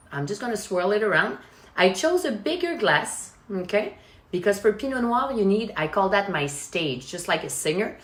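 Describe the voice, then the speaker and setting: A Quebec French woman hosts a casual live wine tasting from home, explaining each point and checking in with "okay?". Her voice sits fairly low for a woman. The room gives her voice a noticeable echo. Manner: chatty, explaining, asks "okay?" often. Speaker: wine expert hosting a live stream.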